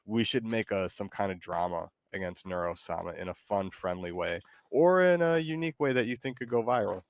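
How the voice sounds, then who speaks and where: A man's voice: on the low side, animated, brisk, dry recording. A man streaming a video game and chatting casually, playful and rambling, with lots of fillers. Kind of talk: casual gaming chat.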